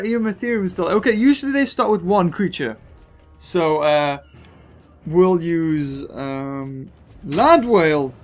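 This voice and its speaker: British guy gushing over a mobile game, voice jumping all over, bit of music under it. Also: high-pitched. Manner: excitable, gushing, laughs between lines. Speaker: gaming video host. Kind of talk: excitable gameplay commentary.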